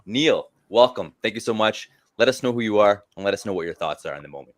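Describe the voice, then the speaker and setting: A man's voice: on the low side, animated, fast talker, fairly bright tone, dry recording. A man hosting a panel discussion, welcoming each guest with effusive enthusiasm. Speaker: host.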